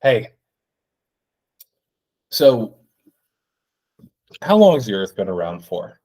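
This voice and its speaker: A man's voice: lowish voice, big pitch swings, takes it slowly, warm tone, husky, exaggerated voice. A man parodying a smug male podcaster who asks mock-profound leading questions.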